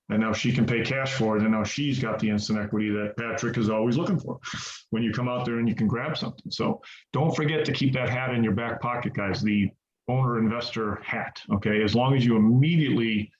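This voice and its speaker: A male trainer talking casually to a group about investing, repeating himself for emphasis. His voice sits at an ordinary pitch. The call sound is roomy and a bit dull, with a faint hiss underneath. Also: fairly quick. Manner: folksy, repeats for emphasis, addresses listeners as guys. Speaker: real estate investing trainer. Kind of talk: conversational teaching on a group call.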